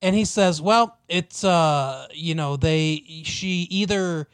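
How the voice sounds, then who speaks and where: A man's voice: a little high, slow, clean tone. A man in casual chat, recapping a story with lots of restarts and acted-out quotes. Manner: rambling, many restarts, acts out quoted lines, laughs often. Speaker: podcast co-host recapping a TV episode.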